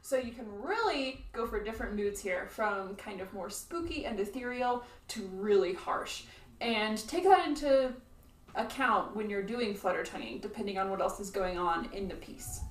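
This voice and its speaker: A woman flute teacher explaining playing techniques in a friendly, clear instructional video. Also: medium pitch, animated, normal speed, reverberant, recorded from a distance.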